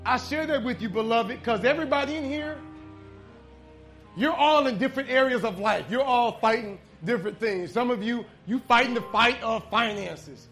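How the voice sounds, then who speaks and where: High-voiced male preacher, urgent and intimate. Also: normal speed, faint music behind. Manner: conversational storytelling, swinging between loud emphasis and hushed intensity. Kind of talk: sermon.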